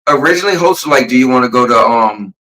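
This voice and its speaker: A man's voice: medium pitch, lively intonation, fast talker, bright, forceful tone, low-quality recording. Easygoing American man hosting a livestream. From USA. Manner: easygoing, reads chat aloud. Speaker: podcast host. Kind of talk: casual chat on a livestream.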